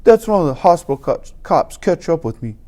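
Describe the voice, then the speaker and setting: An audiobook reader narrating a novel in the first person with real energy. The voice swings widely in pitch and pushes hard on the action. The tone stays mellow and dark. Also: fairly quick. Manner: animated, emphatic storytelling.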